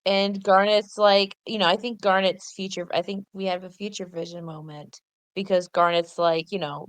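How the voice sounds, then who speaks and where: A woman's voice: on the low side, moderate pace, no echo. Dry-sounding woman podcast co-host. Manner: enthusiastic, trails off and corrects herself mid-thought. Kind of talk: casual chat.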